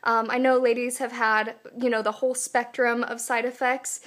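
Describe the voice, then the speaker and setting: A woman's voice: fairly high pitch, level tone, moderate pace, fairly bright tone. A young woman talking candidly in a casual personal vlog, chatty and full of fillers. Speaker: vlogger.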